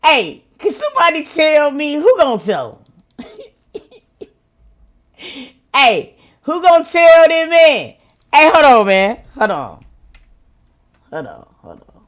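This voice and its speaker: A woman reacting to clips as a streamer, loud and exclaiming with frequent laughs, speaking. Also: high voice, sing-song, slow, pauses often. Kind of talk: casual reaction commentary.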